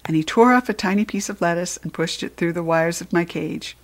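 A woman narrating a children's storybook in the first person with an expressive read-aloud delivery. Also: fairly low pitch, brisk. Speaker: storybook reader.

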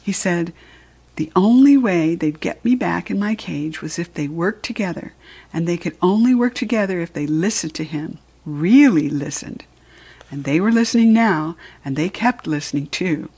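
A woman reading a children's chapter book aloud with playful, expressive narration. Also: fairly low pitch, normal speed, husky. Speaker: reader.

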